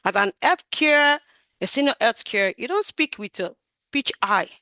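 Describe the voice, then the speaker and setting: On a webinar over a video call, a woman who works as a QA tester tells the story of growing her career. She is animated and emphatic, raising and lowering her voice and varying her loudness and projection. She speaks a little slowly, and the recording is dry.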